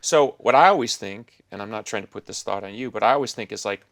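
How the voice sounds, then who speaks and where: A man's voice: on the low side, fast, creaky, a bit bright, no room sound. A middle-aged man hosting a podcast, talking in a thoughtful, rambling, musing way. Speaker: podcast host. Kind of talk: casual interview chat.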